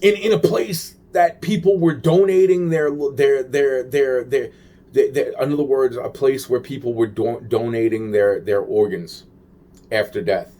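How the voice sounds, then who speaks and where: A man's voice: medium pitch, steady tone, a little slow, mellow. A man rambling to camera in a profane, agitated monologue, repeating himself and trailing off.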